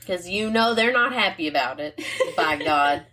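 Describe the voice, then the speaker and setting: A woman's voice: on the low side, lively intonation, normal speed, bright, forceful tone. A middle-aged woman co-hosting a podcast, chatting casually over wine, rambling off on tangents and laughing at her own jokes. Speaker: podcast co-host.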